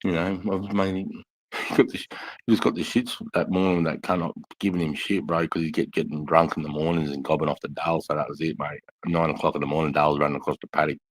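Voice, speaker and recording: A man's voice: rumbling low, level tone, fast, no echo. An Australian man telling crude, slang-filled stories in casual chat. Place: bar.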